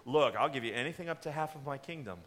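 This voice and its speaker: A pastor voicing a jovial, generous ancient king who is loud and over-friendly in a sermon retelling. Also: mid-range voice, expressive, fast, lightly acted.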